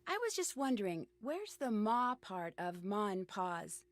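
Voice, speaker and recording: A woman's voice: mid-range voice, sing-song, unhurried. An actress voicing an inquisitive young female amateur detective in a mystery game, asking polite, probing questions.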